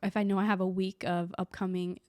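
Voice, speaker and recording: A young woman from Sweden talking casually to the camera, reflective and animated, acting out the people she quotes. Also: medium pitch, brisk, dry recording, clean studio sound. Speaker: vlogger.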